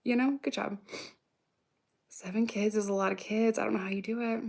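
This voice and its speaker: A woman's voice: mid-range voice, steady tone, a little fast, vocal fry, darkish tone. A woman in her thirties chatting casually on a livestream, reacting aloud to viewer comments in a rambling, profane way and laughing often. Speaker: vlogger answering viewer comments.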